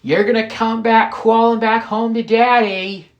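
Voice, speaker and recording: A man's voice: very high voice, flat delivery, unhurried, dull audio, pitched above the performer's own voice. A man voicing a callous, smug friend in a spoken story, dismissive and sneering. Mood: mocking.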